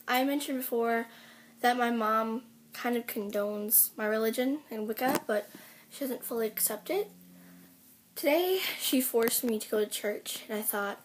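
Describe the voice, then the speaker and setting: A woman's voice: on the high side, slight background noise. A teenage girl venting to her camera in a rambling, upset way, full of fillers. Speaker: vlogger. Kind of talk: personal rant to camera.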